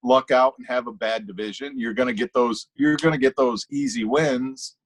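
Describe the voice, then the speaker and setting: A man's voice: medium pitch, normal speed. A man co-hosting a casual fantasy football podcast, rambling and restarting his thoughts as he argues a point. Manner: rambling, self-interrupting, animated. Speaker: podcast co-host.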